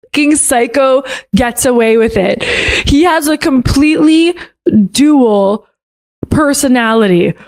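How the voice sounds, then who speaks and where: A woman's voice: high voice, slow pace, a little mellow. A woman recounting a frightening personal encounter in a snarky tone, peppered with "like". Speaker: storyteller in a video clip. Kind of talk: personal storytelling.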